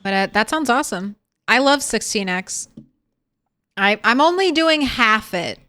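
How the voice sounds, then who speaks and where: Young woman streamer, chatty and giggly, slow smooth delivery, dry sound. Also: a little high, lively intonation, bright, forceful tone, no room sound. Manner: chatty, laughs often. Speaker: game streamer. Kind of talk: casual gameplay commentary.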